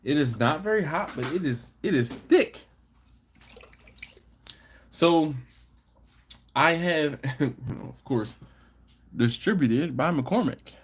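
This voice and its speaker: Host: man, animated and playful, reading live chat comments aloud, very expressive pitch. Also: takes it slowly, long pauses, slightly rough. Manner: animated, playful, slangy banter. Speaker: barbecue channel host.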